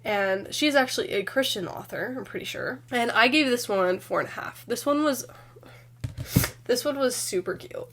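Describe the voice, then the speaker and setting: A woman with a sick, hoarse voice, chatting casually and rambling a bit as she reviews books in her vlog. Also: fairly high pitch, expressive, moderate pace, fairly bright tone. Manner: chatty, rambling with fillers and restarts. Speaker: book vlogger. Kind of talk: casual chat.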